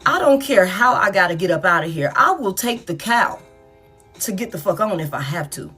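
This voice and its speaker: A woman's voice: medium pitch, expressive, moderate pace, bright, forceful tone, breathy edge, faint music behind. A woman quoting a fed-up woman who is desperate to leave, voicing her as defiant and cursing.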